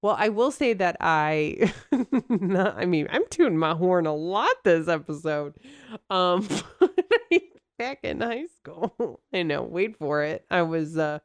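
A woman's voice: on the low side, very animated, slow pace, no echo. A woman co-hosting a podcast in casual chat, bubbly and rambling, laughing often as she talks. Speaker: podcast co-host.

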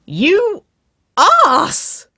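A woman reading a story aloud and voicing a playful young woman who squeals and pleads in a high, giggly voice. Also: sing-song, takes it slowly, no echo, studio quality, full character voice. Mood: squealing protest.

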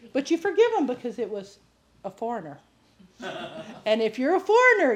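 Lady preacher, high voice, lively storytelling sermon, laughs a lot, does the voices. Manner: animated, laughing, acts out quoted voices.

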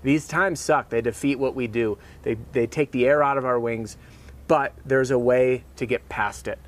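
Brief: male host, mid-pitched, punchy pep-talk delivery, casual slang. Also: fairly even intonation, moderate pace. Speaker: sales trainer and show host. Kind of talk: motivational talk.

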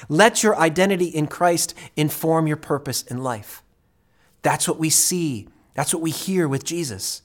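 A man preaching as pastor, retelling a story with vivid dramatic delivery and sudden swings from quiet to loud. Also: on the high side, moderate pace. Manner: dramatic storytelling, acting out voices with big swings in loudness. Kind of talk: sermon.

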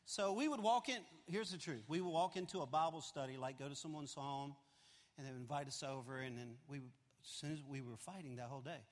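High-voiced pastor in his 50s telling a story from the pulpit, goes loud then quiet, big echoey church hall. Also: brisk. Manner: animated, confessional, swings from loud to hushed. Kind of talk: storytelling sermon. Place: large church auditorium. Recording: long hall reverb.

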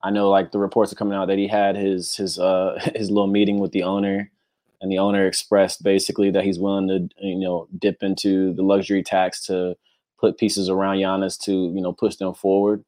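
A man co-hosting a casual sports podcast in a relaxed, rambling way. His voice is very low, and he keeps working in easy fillers as he thinks aloud. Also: fairly quick. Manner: easygoing, rambling, many fillers like "you know". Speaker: podcast co-host.

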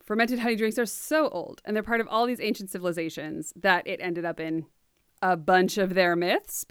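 An American woman hosting a podcast, telling facts in a casual, jokey way with quick asides. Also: mid-range voice, clear, resonant tone, no room sound, clean studio sound. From United States. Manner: animated, jokey storytelling with asides. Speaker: podcast host.

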